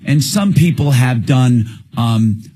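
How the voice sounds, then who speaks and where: An older man hosting a live radio call-in show, talking plainly and briskly, explaining things in quick asides. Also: medium pitch, lively intonation, warm tone. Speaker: radio consumer-advice host. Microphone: studio microphone.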